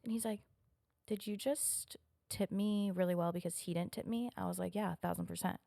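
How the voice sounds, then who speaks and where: A woman with a gravelly, creaky edge talks quickly through a story. She quotes each exchange bluntly and swears as she goes, in a dry, close recording. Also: medium pitch, fairly even intonation, warm tone, no room sound. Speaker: podcast guest. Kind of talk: casual chat, storytelling.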